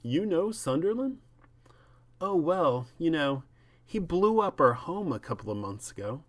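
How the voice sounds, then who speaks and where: A man's voice: on the high side, sing-song, unhurried, voice pushed up. A man voicing a frightened young woman in a comic book reading, in a raised, pleading voice. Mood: indignant.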